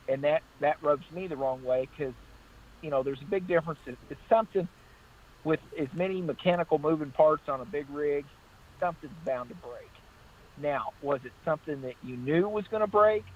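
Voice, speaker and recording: A male state trooper appears as a guest in casual call-in storytelling, chatting and sharing anecdotes. He acts out the exchanges, repeating "I said" as he goes. His voice is on the high side, and the recording sounds muffled.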